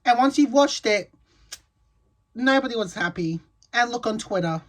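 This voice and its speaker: A woman's voice: fairly high pitch, expressive, normal speed, music in the background. A woman vlogger giving an angry, profane commentary rant. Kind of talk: ranting commentary.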